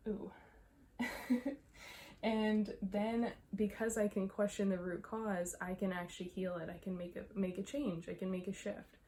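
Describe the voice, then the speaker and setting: A young adult woman talking to camera as a mindset coach, slightly out of breath, emphatic and quick to laugh. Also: mid-range voice, flat delivery, mellow. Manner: emphatic, repeats herself, laughs often. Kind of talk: casual talk to camera.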